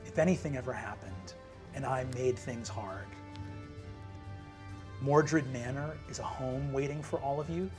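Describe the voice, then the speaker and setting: A man voicing a rough but caring adult woman ranger who talks earnestly, swears freely and hurries through apologies. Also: medium pitch, a little slow, pauses often, over music, lightly acted. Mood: rallying.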